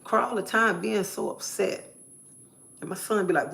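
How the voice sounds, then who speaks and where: A woman's voice: medium pitch, normal speed, creaky, fairly bright tone. A woman live streamer giving an emphatic personal testimony, repeating phrases in a preacherly way.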